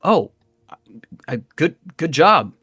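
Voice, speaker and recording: A man's voice: fairly high pitch, very animated, slow pace, a bit bright, breathy edge, no echo, clean studio sound, soft background music, exaggerated voice. A man voicing a flustered young male tiefling magician who stammers and frets over whether everyone is safe. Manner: worried, stammering, fussing over others.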